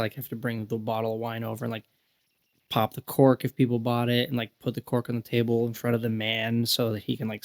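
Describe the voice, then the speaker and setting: A man in his thirties tells a long personal story on a podcast. His voice sits at an ordinary middle pitch, and he rambles with constant fillers. He jumps into high-pitched impressions of the people he quotes. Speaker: podcast guest. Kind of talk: casual storytelling chat.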